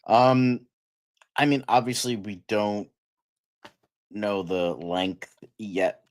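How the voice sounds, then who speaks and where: A man with a lowish voice chats loosely on a pop-culture podcast, filling his thoughts with ums and likes. He rambles and cracks jokes between points. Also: drawn-out words. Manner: joking, rambling with fillers. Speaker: podcast co-host. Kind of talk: casual pop-culture chat.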